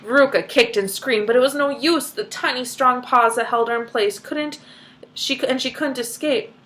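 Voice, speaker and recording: A woman's voice: high voice, moderate pace, fairly bright tone. A woman reading a children's book aloud, stopping for chatty explanations. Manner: chatty asides full of "like".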